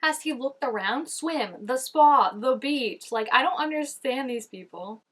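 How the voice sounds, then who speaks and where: Reacting to scenes in her video, a woman with a high-sitting voice talks in an animated, unhurried way. She keeps it casual and chatty, saying "like" a lot.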